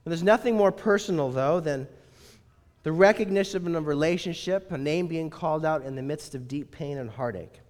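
A man's voice: a little high, normal speed, a little mellow. A male pastor preaching a sermon in a conversational, wry manner, often asking rhetorical questions. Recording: reverberant hall.

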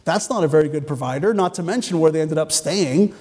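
A male pastor preaching a Sunday sermon in a church sanctuary. His voice sits fairly high for a man and carries a long hall reverb. He retells the story earnestly and drops in wry jokes. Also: quick pace, dark tone. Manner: earnest, storytelling, with joking asides.

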